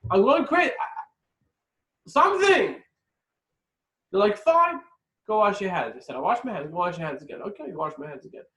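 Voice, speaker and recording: A man's voice: high voice, very animated, quick pace, fairly bright tone, reverberant, recorded from a distance, rough recording. A man voicing a starving, frantic grown man who rants with rising exasperation at a long dinner.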